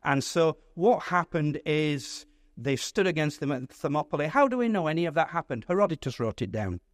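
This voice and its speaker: A man, a pastor, teaching a Bible study in a lively, conversational way, putting questions to his audience. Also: fairly high pitch, moderate pace, no room sound.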